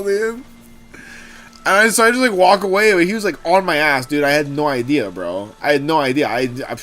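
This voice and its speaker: A young man hosting a gaming livestream, talking casually and telling rambling, animated stories with swearing. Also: on the high side. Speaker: streamer host.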